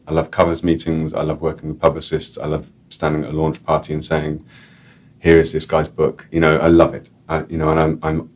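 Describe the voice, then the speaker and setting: A man's voice: extremely low pitch, darkish tone. A male author and editor, a guest in an interview, talking casually in a rambling way with repeated words and many "like"s. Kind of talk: casual chat and reading aloud.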